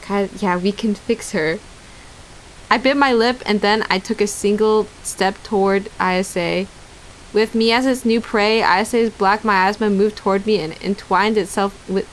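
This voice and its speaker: A woman's voice: mid-range voice, a little hiss or hum. A young woman streamer reading visual novel narration aloud, breaking off into giggly casual asides to chat.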